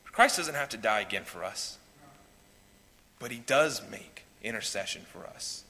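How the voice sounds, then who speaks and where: A man's voice: fairly low pitch, lively intonation, unhurried. Impassioned male pastor preaching in a hall. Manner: impassioned preaching, swings from loud pleading to hushed. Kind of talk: sermon. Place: church sanctuary. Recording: reverberant hall with faint noise.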